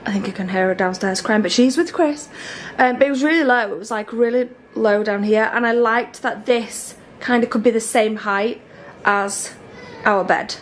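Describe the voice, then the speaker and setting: A woman's voice: fairly even intonation, normal speed, slight background noise. A woman in her thirties chatting casually at home as a family vlogger, gushing and chatty. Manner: chatty, gushing, talks to her toddler in a high voice. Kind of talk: casual chat. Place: home bedroom.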